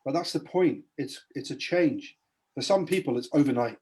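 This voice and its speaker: A man's voice: a little high, animated, normal speed, darkish tone. A man giving a spoken testimony as a podcast guest, earnestly retelling a Bible story in a preacher-like way.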